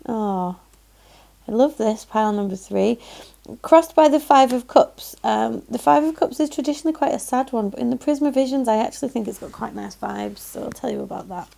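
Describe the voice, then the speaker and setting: A Yorkshire woman reads tarot cards aloud in a casual, gushing way, pausing on frequent "um"s. Her voice sits a little high with a mellow, soft tone, and her phrases often trail into a gravelly fry. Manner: chatty and effusive, frequent "um"s and "lovely". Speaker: tarot reader. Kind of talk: casual pick-a-card tarot reading.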